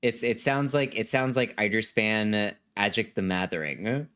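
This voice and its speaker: A man's voice: lowish voice, measured pace, fairly bright tone, clear, resonant tone. A man streaming a video game live, chatting casually with viewers in a rambling way and often repeating himself. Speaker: gaming livestreamer. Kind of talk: casual live-stream chat reading chat messages.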